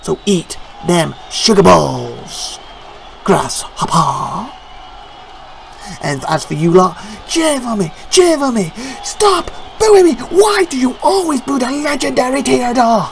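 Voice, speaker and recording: A man's voice: very high voice, sing-song, slow, vocal fry, a little hiss or hum, heavily acted. A man voicing an arrogant, boastful male wrestler in a game show promo who bellows at a booing crowd.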